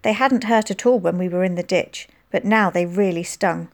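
A woman narrating a children's novel as an audiobook, reading expressively and lifting her voice for the characters' lines. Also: normal speed. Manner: expressive, voicing dialogue with lifted pitch.

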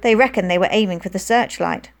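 A woman reading a calm, motherly aunt. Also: mid-range voice, fast, vocal fry, lightly acted. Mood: reassuring. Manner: soothing, comforting. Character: kind motherly aunt, middle-aged woman, calm and reassuring. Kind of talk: audiobook character voice.

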